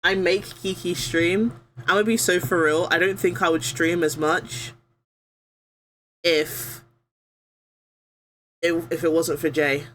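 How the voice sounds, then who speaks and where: A woman's voice: fairly low pitch, steady tone, slow pace, long pauses, fairly bright tone, a little hiss or hum. A young woman streaming a game, chatting bluntly and casually while playing, often laughing. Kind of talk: casual gameplay commentary.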